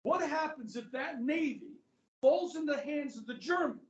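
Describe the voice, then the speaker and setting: High-voiced male teacher in an echoey classroom. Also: moderate pace, recorded from a distance, muffled recording. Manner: conversational, checks in with frequent "okay" and "guys". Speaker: history teacher. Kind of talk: classroom lecture.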